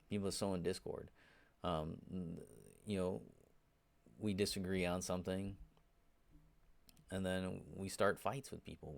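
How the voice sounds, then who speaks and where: This man's low, creaky voice has a darkish tone as he teaches the Bible informally, peppering his talk with "right?" and "you know." His delivery turns emphatic whenever he exhorts the listeners.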